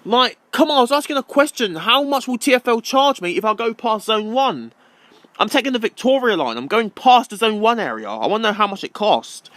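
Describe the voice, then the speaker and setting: A man's voice: sits high, sing-song, brisk, a bit bright, dry recording. A young man ranting casually to camera, rambling and repeating himself with many ums. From London. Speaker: vlogger.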